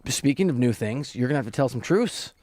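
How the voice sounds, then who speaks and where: A man co-hosting a sports talk radio show, bantering excitedly and breaking into high-pitched exclamations. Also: fast, dry recording, studio quality. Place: radio studio. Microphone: studio microphone.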